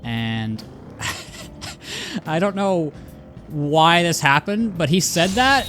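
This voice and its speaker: A man's voice: a little high, measured pace, pauses often, fairly bright tone. A man giving casual let's-play commentary, chatty and rambling, often cutting himself off and laughing. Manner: chatty, rambling, self-interrupting, laughs easily. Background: game music.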